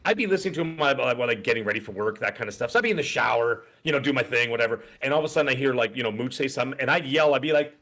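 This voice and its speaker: A quick-talking middle-aged man in easy podcast chat, spilling one rambling story into the next. He speaks at an ordinary pitch and slips into short put-on voices whenever he quotes someone. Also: bright, forceful tone. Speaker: podcast co-host. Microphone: desk podcast microphone.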